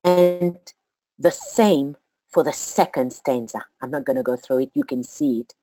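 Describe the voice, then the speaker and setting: A woman giving a slow, deliberate study talk to a group, counting out syllables as she teaches. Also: very deep voice, dark tone, no room sound, soft background music.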